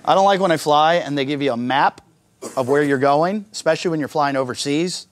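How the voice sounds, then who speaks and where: A male stand-up comedian with a slightly high voice runs through a crude, conversational set and keeps slipping into the voices of the people he describes. A faint hiss sits under his stage mic. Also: a little fast, some chatter behind. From United States.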